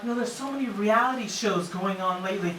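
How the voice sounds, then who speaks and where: A woman's voice: medium pitch, fast, fairly bright tone. Brash woman doing stand-up, far-off echo. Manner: brash, mocking, punchy delivery. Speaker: stand-up comedian. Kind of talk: stand-up comedy set. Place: comedy club stage. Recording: echoey club from far off, noisy. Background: audience laughter.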